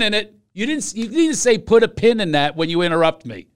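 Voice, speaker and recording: Man, podcast host, jokey banter, bouncy pitch, fairly high voice. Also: brisk, smooth. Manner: jokey, teasing, animated banter. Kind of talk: casual comedic chat.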